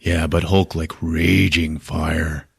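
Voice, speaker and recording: Man putting on a slow caveman-talking brute. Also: extremely low pitch, level tone, creaky, breathy edge, pitched below the performer's own voice, exaggerated voice. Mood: sulky. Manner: slow broken caveman speech. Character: big dim green male brute, blunt and sulky.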